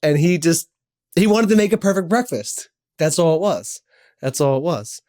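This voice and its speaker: A man's voice: on the high side, very animated, normal speed, darkish tone. A man in his forties telling personal stories in a heartfelt, rambling way, repeating himself and swearing casually. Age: 40s. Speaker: podcast host. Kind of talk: personal storytelling monologue.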